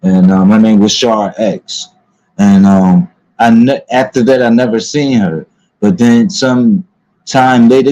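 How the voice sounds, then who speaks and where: A man with a low, mellow voice talks to his viewers in a loose, halting monologue, stopping often to restart a thought. The sound is dull and lo-fi. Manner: halting, full of ums and restarts. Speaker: commentary channel host.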